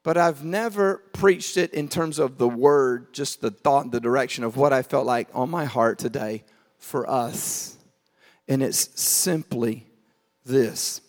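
A man preaching a sermon, telling the story with animated acted-out voices, swinging from shouts to quiet asides. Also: long reverb tail. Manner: animated storytelling, acting out voices, shouting then dropping low. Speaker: pastor.

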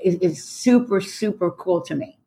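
A woman who teaches karate, hosting a casual group conversation on a podcast, enthusiastic and quick to laugh. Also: on the low side, warm tone. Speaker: karate instructor and podcast host.

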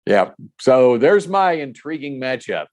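A man's voice: mid-range voice, very animated, unhurried, a little mellow. A man co-hosting a sports show in casual, conversational talk, tossing questions to his partner.

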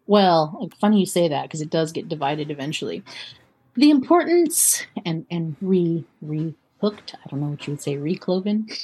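A woman with a husky, slightly breathy voice, pitched a little low. She tells a history story on a casual podcast. She is chatty and quick to laugh. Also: lively intonation, warm tone. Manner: chatty, laughs often, reads quotes aloud. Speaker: podcast co-host.

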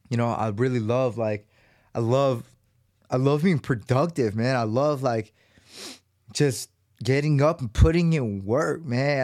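Thirties male podcast host, mid-pitched, loose and profane, close dry mic. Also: a little mellow, dry recording. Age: 30s. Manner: loose, profane, rambling with many fillers. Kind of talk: solo podcast monologue.

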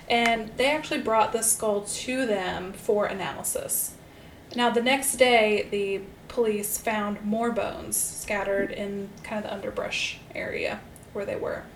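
A woman co-hosting a casual true-crime podcast, telling a case in an upbeat, chatty way with lots of fillers. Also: medium pitch. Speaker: podcast co-host and storyteller. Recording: roomy echo with faint hiss.

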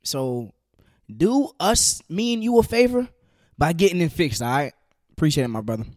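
A man in his twenties speaks alone into a podcast mic in a loose, slangy, conversational way. His voice sits a little high and shoots up sharply when he grows heated. The sound is dry and close, with no room around it. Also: expressive, normal speed, darkish tone, no room sound. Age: 20s. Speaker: podcast host. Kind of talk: solo podcast monologue.

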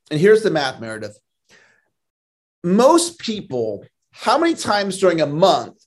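In a podcast interview, a man with a voice that sits high speaks as a sales trainer. He is earnest and motivational, often repeating a word as he begins a thought.

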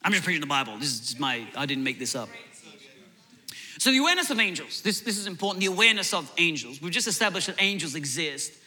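A male preacher with a fairly high, very bright and forceful voice. He preaches emphatically, restarting and repeating words as he drives each point home, with jokey asides along the way. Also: sing-song, quick pace. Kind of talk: sermon.

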